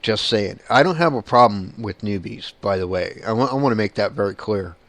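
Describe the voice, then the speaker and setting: A man's voice: fairly low pitch, animated, brisk, fairly bright tone, no echo. A man who is a paranormal investigator, talking bluntly in a casual monologue and swearing casually.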